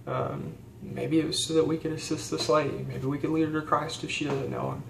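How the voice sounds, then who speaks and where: A man's voice: a little high, flat delivery, brisk, vocal fry. Earnest young man in an echoey room. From rural United States. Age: young adult. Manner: earnest, rambling, with fillers and restarts. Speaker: vlogger, theology student. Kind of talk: casual storytelling vlog. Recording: echoey room with faint background hiss.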